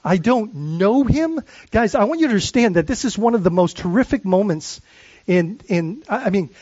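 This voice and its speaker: A man's voice: high voice, lively intonation, a little fast, darkish tone, slightly rough, no echo, highs cut off. A man preaching as a pastor, earnest, asking rhetorical questions and often restarting his sentences. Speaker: lead pastor. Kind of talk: sermon.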